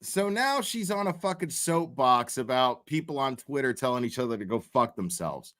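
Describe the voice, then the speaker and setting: A man's voice: mid-range voice, expressive, moderate pace, a bit bright. A man telling a story in casual chat, swearing constantly, laughing often and restarting his sentences. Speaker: commentary streamer.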